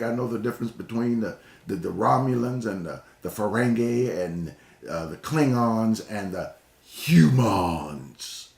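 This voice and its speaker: A man's voice: lowish voice, gravelly, a little mellow, roomy sound. Emphatic Ohio man with slight Texas drawl. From Northeast Ohio. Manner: emphatic, repeats words, varies pace. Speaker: speaker. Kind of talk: motivational talk.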